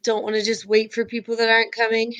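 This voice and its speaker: A woman's voice: on the high side, completely flat delivery, quick pace, fairly bright tone, soft background music. A woman teacher chatting with her class and reading quiz questions aloud in a live online review.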